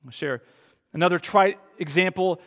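A male pastor in his thirties preaches with a high-pitched voice. His delivery swings from lively, animated storytelling to quiet, hushed appeals. The sound carries a long reverb from a church hall. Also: moderate pace. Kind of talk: sermon.

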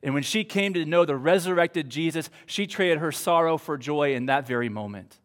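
A man with a high voice preaches a sermon, earnest and unhurried, leaning on pauses for weight. The sound carries a long reverb, like a church sanctuary. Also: a bit bright. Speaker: pastor.

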